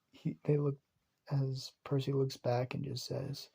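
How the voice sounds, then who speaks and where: A man's voice: mid-range voice, animated, moderate pace, creaky, warm tone, slightly rough. A man improvising a fan story, rambling along with strings of loosely joined clauses. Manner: rambling, repeats "as" and "just says".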